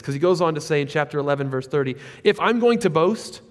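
A man's voice: on the high side, fast talker, few pauses. Preaching man with a ringing hall sound. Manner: animated preaching that swings from loud peaks to quiet asides. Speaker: pastor. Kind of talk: sermon.

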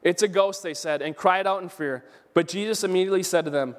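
A man's voice: high-pitched, fast, hardly any pauses. A male pastor preaching a sermon, repeating his key phrases for emphasis and reading scripture aloud. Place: church sanctuary. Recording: church sermon with a long hall reverb.

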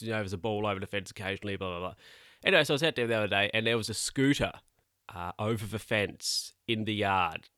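A man's voice: on the low side, sharp tone, clean tone, dry recording, studio quality. A man talking through a casual, rambling monologue, often correcting himself and sounding incredulous.

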